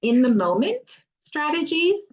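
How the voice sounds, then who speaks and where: Speaking in a voice that sits high and is very animated yet measured in pace, this middle-aged occupational therapist leads a parent education webinar. She is practical and conversational, slipping in playful acted asides aimed at children, and the lo-fi audio sounds slightly muffled.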